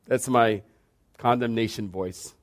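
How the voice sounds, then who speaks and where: A male pastor preaching a sermon to a congregation, swinging between soft emphasis and fervent, high-pitched exhortation, sweating as he goes. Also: steady tone, unhurried. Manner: preaching with rising fervor and dramatic pitch swings. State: sweating from exertion.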